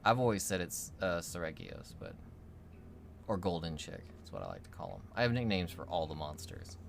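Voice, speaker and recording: A low-pitched man with vocal fry and wildly swooping intonation co-hosts a gaming livestream at a moderate pace, with slight background noise. His casual banter rambles, playful and fond of mock pronunciations.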